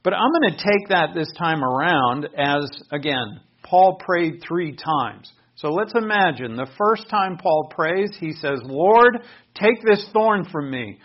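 A man's voice: a little high, lively intonation, a little slow, hardly any pauses. A man preaching a sermon in an earnest, explanatory way, asking his listeners questions. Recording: dull lo-fi recording.

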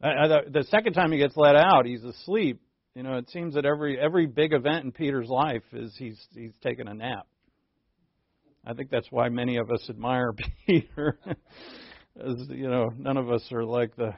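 A man's voice: medium pitch, normal speed, no room sound, lo-fi sound. A man preaching a sermon in a conversational way, often breaking off and restarting with playful asides. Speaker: pastor.

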